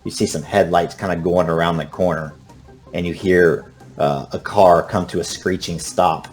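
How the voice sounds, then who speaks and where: A man narrating a tabletop horror game as game master, speaking in a hushed, unhurried way with frequent restarts. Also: low voice, fairly even intonation, soft background music.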